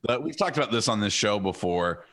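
A man's voice: lowish voice, lively intonation, brisk, fairly bright tone. A man co-hosting a podcast, chatting casually in an opinionated way and drifting into tangents. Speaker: podcast co-host. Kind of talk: casual chat.

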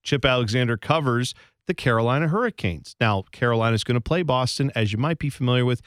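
A man hosting a sports radio show, joking with his co-host. His voice sounds bright and expressive, and the studio is dry and close. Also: mid-range voice, fast talker, dry recording. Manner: joking, slips into mock accents. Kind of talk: casual sports radio banter. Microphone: studio microphone.

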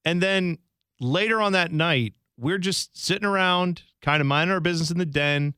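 A man's voice: high-pitched, normal speed, clear, resonant tone, dry recording, clean studio sound. A man co-hosting a sports radio show, chatting casually and telling stories with little impressions. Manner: lively, animated storytelling with impressions. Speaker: radio co-host.

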